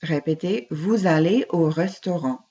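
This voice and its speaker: Woman, French teacher, low voice, patient drills, muffled lo-fi sound. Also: dark tone. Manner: slow, patient, repeats French phrases and translates them. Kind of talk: classroom language lesson. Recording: dull lo-fi recording.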